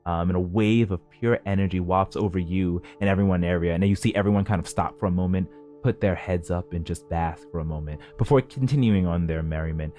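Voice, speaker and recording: A man's voice: deep voice, quick pace, warm tone, faint music behind. A man narrating as game master in a tabletop game, describing scenes with many fillers.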